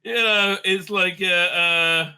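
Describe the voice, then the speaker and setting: A man's voice: high voice, steady tone, slow pace, sharp tone, smooth. A middle-aged man hosting a casual live-stream review. He rambles, swears a lot and laughs often. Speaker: rabbi and show host.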